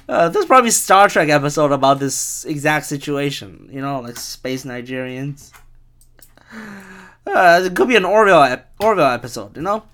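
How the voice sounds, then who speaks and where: A man's voice: a little high, fairly bright tone. Rambling, profane young man. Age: 20s. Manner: chuckling, profane, self-mocking. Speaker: podcast host. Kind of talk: rambling solo podcast rant.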